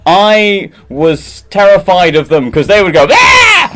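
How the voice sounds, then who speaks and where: A man improvising a rambling comic monologue with shouted bursts. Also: high voice, measured pace. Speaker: improv performer.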